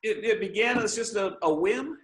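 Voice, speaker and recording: A man in his fifties from Michigan tells stories earnestly over a video call, his voice pitched fairly high for a man. The room around him is echoey, and he brings the people in his anecdotes to life with animated quotes. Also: brisk. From Michigan, USA. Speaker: author and missionary preacher. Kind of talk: casual interview over a call.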